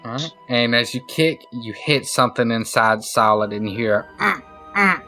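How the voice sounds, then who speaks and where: Bright-voiced, casual male game master. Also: mid-range voice, normal speed, faint music behind. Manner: casual, loose, full of fillers. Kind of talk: narrating a tabletop game.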